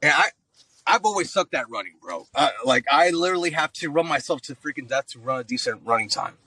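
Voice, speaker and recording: A man's voice: fairly high pitch, brisk, slightly rough, low-quality recording. A man in his thirties, an active-duty Marine guest, telling stories in a loose, profane way on a podcast and calling everyone "bro.". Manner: slangy, profane, says "bro" often; animated storyteller acting out voices. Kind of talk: casual podcast storytelling.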